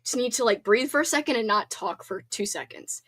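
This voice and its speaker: A chatty woman hosting a live stream, bubbly and quick to apologize, with a nose stuffed up from talking too long. Her voice sits a little high and breaks into laughter now and then. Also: lively intonation, fairly bright tone. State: congested, sniffling. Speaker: livestream host. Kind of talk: casual live-stream chat.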